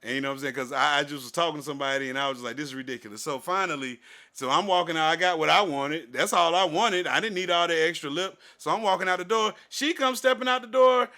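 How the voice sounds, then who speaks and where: A middle-aged man, co-hosting a podcast and telling a profane story in animated, casual chat. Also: on the high side, fast. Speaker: podcast co-host.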